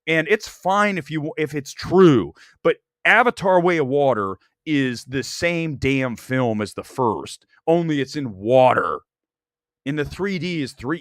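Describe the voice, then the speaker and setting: Lively ranting male stream host. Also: mid-range voice, dry recording, clean studio sound. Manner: animated, ranting, talks straight to the chat. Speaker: movie talk show host. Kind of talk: live-stream movie reaction chat.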